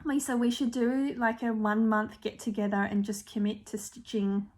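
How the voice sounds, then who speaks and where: A woman's voice: a little high, flat delivery, moderate pace. Chatty Australian woman stitching vlogger. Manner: chatty and warm, with frequent ums and apologies. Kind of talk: casual show-and-tell chat.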